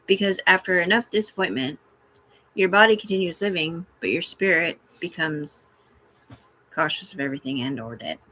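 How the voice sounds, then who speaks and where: A woman's voice: on the low side, moderate pace, pushed and bright. A woman rambling and swearing casually on a live stream from her room, talking back to her chat. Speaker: livestreamer.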